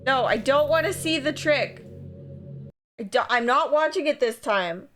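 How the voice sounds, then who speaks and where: A woman's voice: sits high, lively intonation, unhurried, fairly bright tone, faint music behind. A woman streaming a game live, chatting and joking with her viewers and laughing between remarks.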